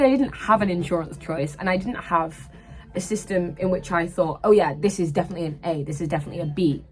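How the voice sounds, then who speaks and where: Twenty-year-old woman, chatty, lowish voice. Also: rough recording. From England. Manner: animated, breathless retelling with lots of "like" and "literally". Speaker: vlogger. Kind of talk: casual storytelling to camera. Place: her own room at university.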